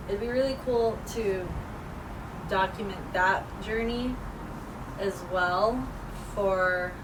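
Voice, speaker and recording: A woman talking casually to the camera in a vlog, relaxed and chatty, trying to enunciate clearly. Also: mid-range voice, recorded from a distance, noisy background. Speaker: vlogger.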